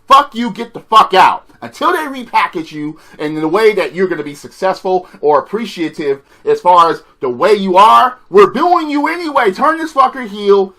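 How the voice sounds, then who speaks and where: Brief: high-voiced, bright-toned man, sarcastic and cursing, ranting a wrestling review. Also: animated, moderate pace, hardly any pauses. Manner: profane, exasperated and sarcastic.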